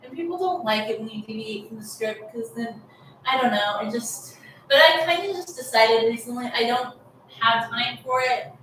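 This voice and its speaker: Chatty Californian woman, bright and echoey. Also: on the high side, normal speed, a little hiss or hum. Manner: rambling, frank, peppered with "like". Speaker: long hair vlogger. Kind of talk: casual talking-head vlog. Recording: echoey room, mic at a distance.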